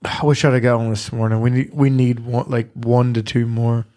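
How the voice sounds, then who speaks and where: A man's voice: mid-range voice, little pitch movement, normal speed, mellow. A man hosting a podcast, telling stories in a casual, profane way and laughing often. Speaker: podcast host. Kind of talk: casual chat.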